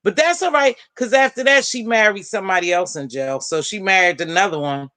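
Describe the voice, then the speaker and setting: A woman hosting a casual live-stream panel, chatting and gossiping in an animated way and calling out friends by name. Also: mid-range voice, a little fast, no room sound. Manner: animated, talks straight to viewers and friends by name. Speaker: panel host.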